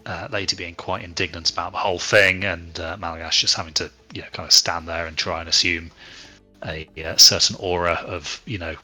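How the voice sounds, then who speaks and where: A man running a tabletop game, narrating in a relaxed, rambling way full of fillers. His voice is low with a strikingly bright, forceful edge. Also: fairly quick, soft background music. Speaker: game master.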